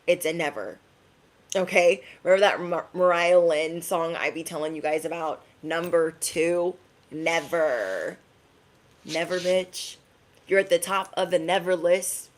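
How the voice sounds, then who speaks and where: A woman with a somewhat low voice talks straight to her viewers through a tarot reading. She is emphatic and sassy, and she keeps checking in with a punchy "okay?". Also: fairly even intonation, moderate pace. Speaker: tarot reader.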